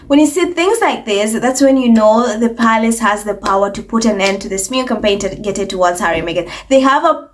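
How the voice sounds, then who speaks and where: A woman hosting an opinionated commentary vlog, talking in a sarcastic, mocking way and putting on voices to imitate people. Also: a little high. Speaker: commentary channel host.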